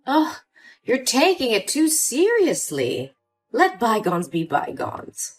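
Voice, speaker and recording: A woman's voice: on the high side, huge pitch swings, slow pace, faint music behind, exaggerated voice. Woman voicing a scheming older mother. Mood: cold. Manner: sweet at first, then cold and dismissive. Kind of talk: scripted story voice acting.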